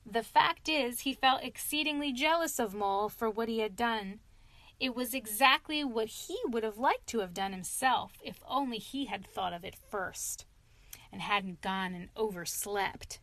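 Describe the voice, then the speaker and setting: Woman calmly reading a storybook aloud. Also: fairly high pitch, measured pace, no echo. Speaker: narrator.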